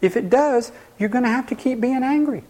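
An extremely high-pitched man delivers a brisk, lively talk on anger to a live audience. Running the workshop, he questions the crowd and acts out quoted voices.

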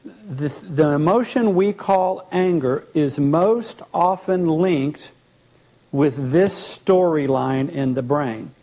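A man teaching as a therapist, animated, often acting out short bits of dialogue and repeating words as he explains. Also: fairly high pitch, takes it slowly.

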